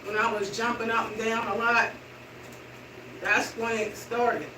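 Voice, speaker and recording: A middle-aged woman vlogging in casual chat to her viewers while slowly walking and exercising indoors. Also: a little high, level tone. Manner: chatty, slow walking while talking. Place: indoor room with hardwood floor. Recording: roomy, distant and noisy room sound.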